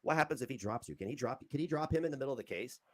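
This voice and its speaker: A man's voice: mid-range voice, animated, rapid-fire, a little mellow. A man co-hosting a livestream, ranting heatedly and swearing as he lectures someone. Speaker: livestream co-host. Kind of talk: casual livestream chat.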